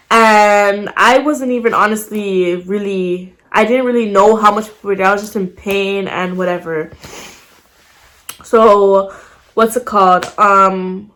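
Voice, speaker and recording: A young woman vlogger tells a personal story to the camera in a mid-range voice at a measured pace. She retells events animatedly and casually, with plenty of slang and swearing.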